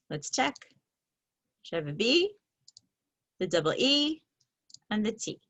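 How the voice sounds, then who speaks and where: A woman teaching a reading lesson, slowly stretching out the sounds of each word in a patient, clear way. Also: medium pitch, big pitch swings, sharp tone. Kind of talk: slow, patient phonics lesson.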